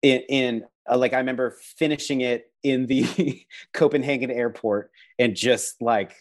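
A man's voice: mid-range voice, fairly even intonation, a little slow. A man, a visual artist being interviewed, talking about his work and faith in an earnest, reflective way, with many fillers and restarts. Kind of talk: conversational interview answers.

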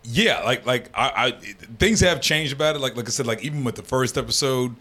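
A man's voice: mid-range voice, brisk, bright, forceful tone. A man chatting casually on a podcast, rambling through fillers and restarts. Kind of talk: casual chat.

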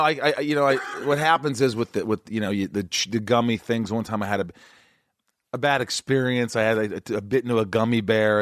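A man's voice: fairly low pitch, fairly bright tone, dry recording, studio quality. An American man in his forties hosting a podcast, telling rambling jokey anecdotes in casual chat. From United States. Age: 40s. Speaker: podcast host.

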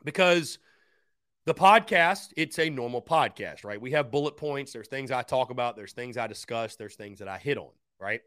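A man's voice: medium pitch, animated, moderate pace, no room sound, clean studio sound. A man hosting a live call-in sports podcast. He talks energetically, repeats his points, thanks viewers by name and speaks straight to his audience. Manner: thanks fans and shouts out supporters by name. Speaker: podcast host. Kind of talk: live-stream call-in show chat.

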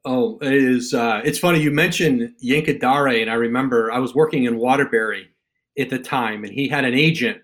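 Man, podcast host, casual chat, reflective, middle pitch. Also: a little fast, fairly bright tone. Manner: reflective, recalls details with some hesitation.

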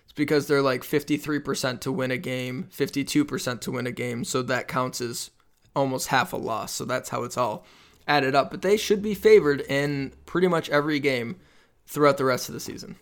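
Smooth-voiced man breaking down stats. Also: medium pitch, steady tone. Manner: quick, stat-heavy, laid-back. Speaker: host. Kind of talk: casual sports analysis.

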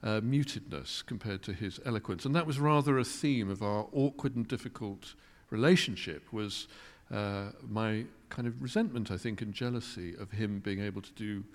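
A man's voice: fairly low pitch, moderate pace, hardly any pauses. A man, a guest musician telling stories in a wry, articulate, self-deprecating way. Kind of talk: reflective storytelling interview. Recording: long reverb of a large hall.

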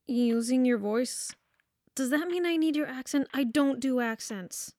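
A woman's voice: high-pitched, unhurried, a little mellow, dry recording. A woman in an audio drama, playing a blunt, commanding woman who sets the rules. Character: bossy woman who can't do accents.

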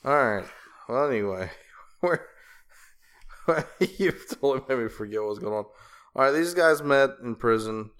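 A man's voice: mid-range voice, expressive, moderate pace, long pauses, a bit bright, smooth. Rambling, joking male podcast co-host. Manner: rambling storytelling with laughter and crude jokes. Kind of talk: casual chat.

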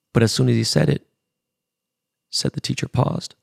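A man's voice: mid-range voice, quick pace, creaky, long pauses, dry recording, clean studio sound. A middle-aged man hosting a podcast, telling a personal family story in a candid, emotional way with casual profanity. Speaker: podcast host.

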